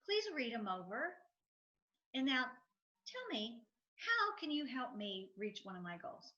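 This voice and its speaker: The recording is dull, but this woman's high-leaning voice comes through bright, forceful, and sing-song at a measured pace. She is a middle-aged financial advisor and entrepreneur giving enthusiastic interview answers, repeating herself for emphasis and acting out quotes in her stories.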